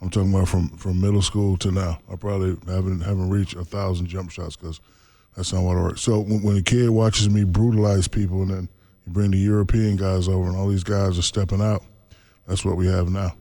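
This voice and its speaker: A man in his forties, a former basketball center, telling stories in a relaxed interview and laughing often. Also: low-pitched, a little fast. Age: 40s. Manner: laid-back, laughs often, acts out quotes. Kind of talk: casual storytelling interview.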